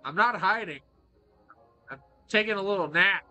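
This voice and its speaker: A man giving excitable, joking playthrough commentary, swearing freely as he plays. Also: high-pitched, normal speed, faint music behind. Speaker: gaming video creator.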